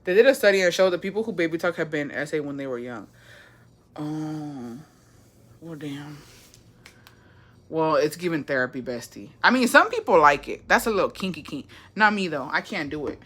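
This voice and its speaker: A woman's voice: deep voice, moderate pace. Sassy, profane young woman streamer. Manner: animated, profane, sassy, reads chat aloud. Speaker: livestream host. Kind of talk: casual livestream chat.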